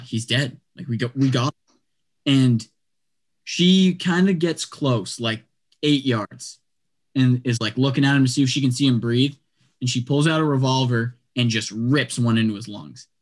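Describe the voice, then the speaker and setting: Rambling, animated male storyteller. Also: mid-range voice. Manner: animated, rambling, heavy use of "like". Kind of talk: casual storytelling.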